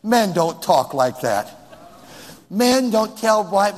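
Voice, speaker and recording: A man preaching a sermon in a church, rising suddenly and drawing some phrases out slowly. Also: high voice, big pitch swings, long reverb tail. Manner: preaching with sudden rises and drawn-out slow phrases.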